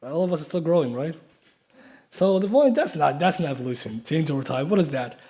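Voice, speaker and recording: A man teaches a class in a mosque, talking quickly in a slightly high voice. He is emphatic, often asks his listeners rhetorical questions, and spells out key terms letter by letter. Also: expressive, mellow. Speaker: Islamic lecturer. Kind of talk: classroom lecture. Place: mosque lecture room.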